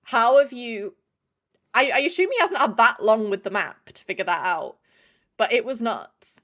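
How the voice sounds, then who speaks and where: A woman's voice: on the high side, sing-song, normal speed, bright, forceful tone. A young woman chatting casually on a live stream, swearing freely and greeting chatters by name.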